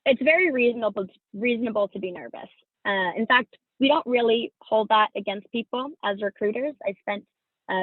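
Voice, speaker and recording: A woman's voice: on the high side, no echo. A woman from California giving upbeat career advice in a virtual workshop over a video call, with plenty of fillers. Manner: upbeat, instructive, many fillers. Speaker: career fair presenter. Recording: dry tinny video-call audio.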